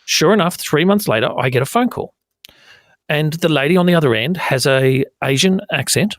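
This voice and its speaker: A man, co-hosting a podcast, telling stories in a blunt, swearing, animated way. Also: a little high, moderate pace, no echo, studio quality. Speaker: podcast co-host. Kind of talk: casual chat.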